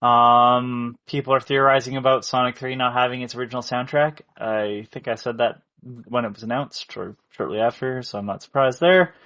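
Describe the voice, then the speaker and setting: A man's voice: medium pitch, steady tone, moderate pace, hardly any pauses, pushed and bright. A man co-hosting a gaming podcast, blunt and sarcastic, swearing while reading out news items. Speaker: podcast co-host. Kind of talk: casual chat.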